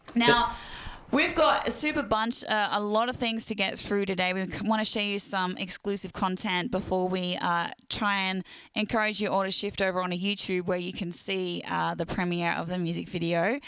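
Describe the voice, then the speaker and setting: Young woman host, chatty livestream greeter, smooth and crisp voice, dry close sound. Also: mid-range voice, fairly even intonation, moderate pace, fairly bright tone, no room sound. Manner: chatty, greets viewers by name. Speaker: singer hosting a livestream. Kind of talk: casual livestream chat.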